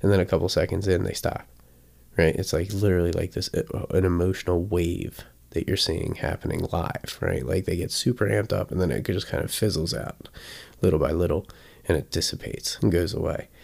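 Male dog trainer, deep and gravelly, easygoing teaching style with lively acted-out examples. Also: a little fast. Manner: chatty, often checks in with "right?"; acts out examples with sudden bursts. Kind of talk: casual teaching talk.

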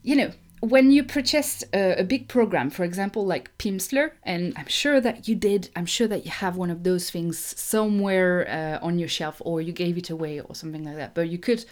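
A woman with a French accent hosting a podcast lesson, talking in a chatty way with fillers and quick self-corrections. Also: on the low side. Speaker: French teacher, podcast host.

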